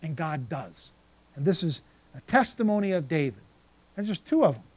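A man's voice: high-pitched, very animated, brisk, a little mellow. A man preaching a sermon, reading scripture passages aloud and then stopping to reflect on them.

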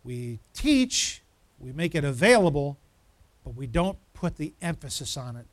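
Pastor, male, high voice, dry sound; quizzes the room, then hammers points home with repetition. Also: very animated, unhurried, no echo. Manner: asks the congregation questions, builds to emphatic repetition. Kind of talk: interactive sermon.

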